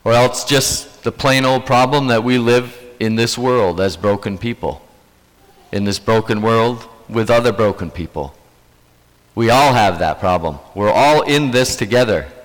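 A man's voice: mid-range voice, unhurried, long reverb tail, low-quality recording. A man preaching a sermon as a pastor, earnest and emphatic, repeating key phrases to drive them home.

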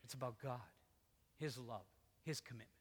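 A male pastor preaching a lively sermon, telling the story with feeling and acting out the quotes, moving between loud and hushed. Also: mid-range voice, moderate pace, slightly rough, big-room sound. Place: church sanctuary.

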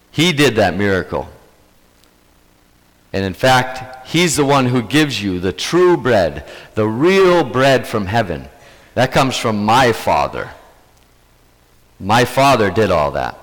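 Slow, lively-voiced preacher in a reverberant hall. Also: male voice, on the low side. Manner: earnest, repetitive emphatic preaching. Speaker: pastor. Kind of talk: sermon.

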